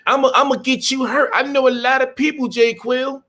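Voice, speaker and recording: Guy mocking a young trucker kid, tiny high squeaky voice, petty threats, keeps saying the name. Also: fairly even intonation, fairly quick, a bit bright. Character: young male trucker, twenty-one, making petty threats.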